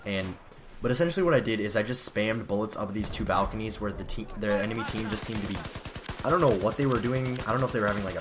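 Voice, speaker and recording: A man's voice: lowish voice, noisy background. A teenage boy giving casual, rambling, self-deprecating commentary over gameplay. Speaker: gaming commentator. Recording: game gunfire loud behind. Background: video game gunfire.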